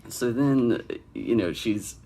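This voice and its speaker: A man's voice: mid-range voice, expressive, takes it slowly, warm tone, a little hiss or hum. A young man hosting a comedic critique of bad fan fiction, with sarcastic, exasperated asides. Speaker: fanfic critic and host.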